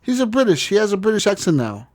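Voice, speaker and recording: A man co-hosting a gaming podcast, talking casually in a slightly high voice. He swears freely and slides into joking rants. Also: very animated, fast. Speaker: podcast co-host.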